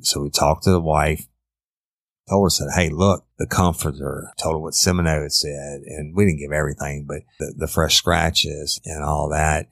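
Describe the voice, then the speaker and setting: Man, gravelly, dry close sound, blunt, profane, ex-detective telling stories. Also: a bass voice, dry recording. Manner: blunt and profane, matter-of-fact. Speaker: former police detective. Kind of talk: storytelling in an interview.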